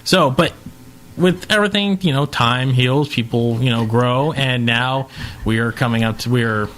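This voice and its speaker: A man co-hosting a podcast in casual chat, telling a long anecdote with lively acted-out quotes and some swearing. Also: mid-range voice, normal speed. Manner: animated storyteller, acts out quotes, swears. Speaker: podcast co-host.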